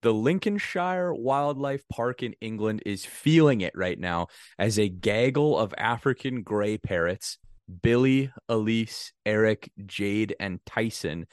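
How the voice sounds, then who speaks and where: A man with a low voice trades jokes on a casual podcast, laughing often and cursing freely. The sound is dry and close to the mic, with no room around it. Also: clear, resonant tone, no room sound. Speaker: podcast co-host.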